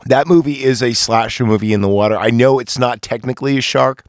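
A man's voice: medium pitch, a bit bright, no echo, studio quality. Foul-mouthed man rambling about movies. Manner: profane, rambling and enthusiastic. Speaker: podcast host. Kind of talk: casual movie review.

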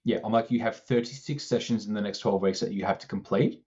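A man co-hosting a casual podcast, telling an animated story and acting out both sides of the conversation, swearing now and then. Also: on the low side, quick pace, muffled recording. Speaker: strength coach co-host.

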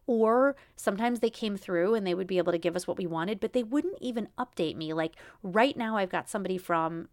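Woman, thirties, solo podcast host, frustrated venting, mid-pitched voice, dry close sound. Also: fairly quick, few pauses, no room sound. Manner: frustrated, venting, repetitive restarts.

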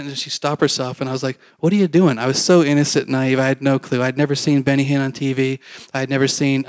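A man's voice: mid-range voice, dry recording. A man preaching a testimony, telling his story in a rambling, conversational way with fillers and acted-out quotes.

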